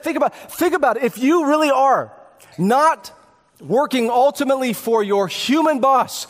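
A man's voice: very high voice, long reverb tail. A man in his thirties or forties preaching a sermon, earnest, building to emphatic peaks with repeated words. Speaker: pastor.

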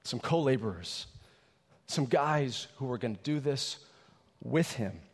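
A man's voice: mid-range voice, expressive, measured pace, breathy edge. A man preaching a sermon as pastor, stressing key words and stretching them out. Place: church sanctuary. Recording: church hall reverb.

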